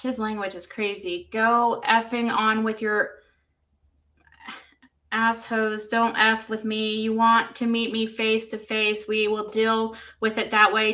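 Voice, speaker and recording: Bright-voiced woman livestreamer reading texts aloud. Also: a little high. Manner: reacts with laughs and exclamations between reading. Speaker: livestream host.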